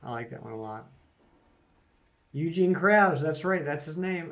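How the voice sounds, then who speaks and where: A man's voice: fairly high pitch, normal speed, long pauses, fairly bright tone, lo-fi sound. Chatty man streaming games live. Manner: chatty, reads out chat jokes and greets viewers. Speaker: streamer reading live chat. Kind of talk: casual live-stream chat.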